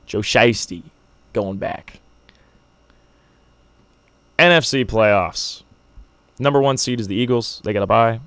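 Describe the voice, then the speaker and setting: A man's voice: lowish voice, fairly bright tone, smooth, no echo. A young man hosting a solo sports podcast, making brash, joking predictions like a hyped-up fan. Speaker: podcast host.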